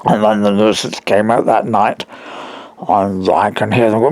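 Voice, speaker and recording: A weak man on a phone call who tells his story in a rambling, halting way, full of restarts and asides. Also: lowish voice, fairly even intonation, a little mellow, dry recording. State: weak and struggling to breathe. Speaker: caller.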